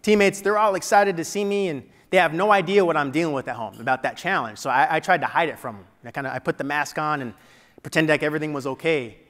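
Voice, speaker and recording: A man giving a keynote speech, telling a personal story dramatically and dropping to a hush at painful moments. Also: a little high, fast talker. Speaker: keynote speaker. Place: large event hall before an audience. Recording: long hall reverb.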